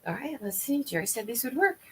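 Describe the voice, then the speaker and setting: A woman hosting a morning radio show, brisk and cheerful as she takes calls. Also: a little high, very animated, a little hiss or hum. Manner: brisk and cheerful, quick call answering. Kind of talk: upbeat radio banter. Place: radio studio.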